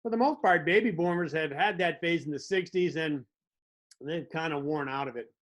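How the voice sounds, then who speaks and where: Wry higher-voiced man host. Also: normal speed, fairly bright tone. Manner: wry storytelling, mock dialogue. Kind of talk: comedic monologue.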